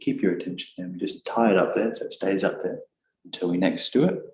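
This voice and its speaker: A man guiding a meditation session, giving calm, gentle instructions in an echoing room. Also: sits low, fast talker. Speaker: meditation guide. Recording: echoey room.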